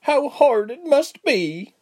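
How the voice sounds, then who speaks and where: A man's voice: very high-pitched, very animated, slow pace, pitched above the performer's own voice, heavily acted. A man doing a gushing motherly innkeeper's wife. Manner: emphatic, gushing. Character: excitable motherly innkeeper's wife, middle-aged.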